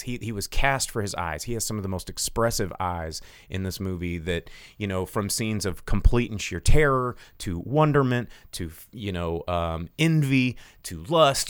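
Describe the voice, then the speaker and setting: A man's voice: lowish voice, clear, resonant tone, no echo. A man hosting a live podcast, rambling and cursing casually through a movie plot recap from his home studio. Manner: rambling, profane, lots of fillers. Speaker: podcast host.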